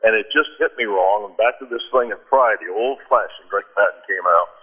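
A man's voice: on the low side, fairly quick, slightly rough. A man, a preacher and guest on a radio interview program, telling a personal story in an earnest, heartfelt way with frequent restarts. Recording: narrow phone-like radio sound.

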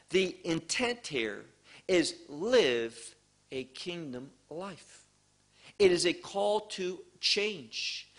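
Man, preacher, sermon, slow deliberate delivery, raised pitch. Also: sharp tone. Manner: slow, emphatic preaching with rhetorical questions and pauses.

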